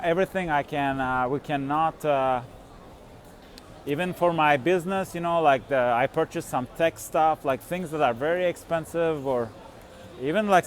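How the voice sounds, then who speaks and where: A man with a slightly high voice chats to his camera while walking outdoors in a city. He rambles easily, breaks off and restarts his sentences, and laughs often. Faint street noise stays in the background. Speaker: vlogger. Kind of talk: casual walking vlog.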